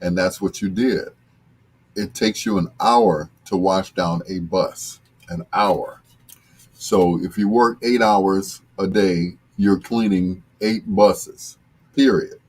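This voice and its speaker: A deep-voiced older man talks at an unhurried pace in a husky, slightly breathy tone. He chats casually with his viewers, joking and drifting between thoughts. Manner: relaxed, joking, chatty, often trails off. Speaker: host reading viewer comments. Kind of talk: casual live-stream chat.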